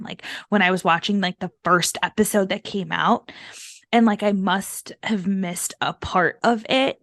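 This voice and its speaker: Young woman, podcast co-host, casual rambling chat, frequent swearing, mid-range pitch, dry close mic. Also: normal speed, fairly bright tone, no echo. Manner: rambling, swears freely, many "like" fillers.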